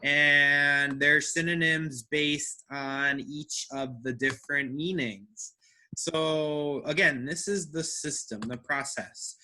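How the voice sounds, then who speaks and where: A man's voice: a little high, fairly even intonation, slow pace, pushed and bright. A man teaching an English class, who checks understanding with frequent "right?" and repeats words to drill their stress.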